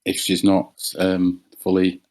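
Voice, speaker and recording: A man playing a tabletop game, talking casually and thinking aloud with hesitant pauses. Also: low-pitched, completely flat delivery, a little mellow, slight background noise. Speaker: player.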